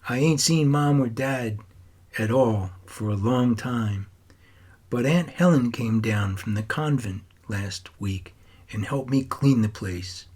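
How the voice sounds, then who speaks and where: A man's voice: medium pitch, takes it slowly, a little mellow, breathy edge. A man voicing a troubled teenage boy who writes and talks to his grandfather in an earnest, wistful way.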